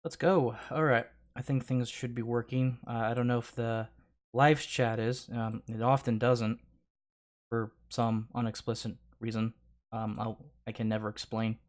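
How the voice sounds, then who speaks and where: A man's voice: medium pitch, flat delivery, a little slow. A man hosting a casual livestream, talking profanely and rambling, often laughing and tripping over restarts. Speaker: livestream host.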